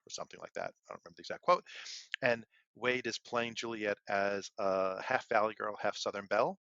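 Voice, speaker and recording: Low-voiced man telling a rambling story. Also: fast, creaky, sharp tone, no echo. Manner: rambling, with many fillers and restarts. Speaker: podcast co-host. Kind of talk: casual storytelling. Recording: dull, lo-fi, dry sound.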